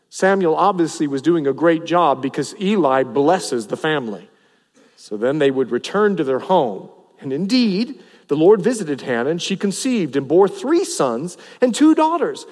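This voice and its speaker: A man preaching a sermon as a pastor, animated, acting out the people in his story with a voice that rises and drops. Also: fairly high pitch, moderate pace. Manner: animated, acts out the people he preaches about, voice rising and dropping. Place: church sanctuary. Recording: long hall reverb.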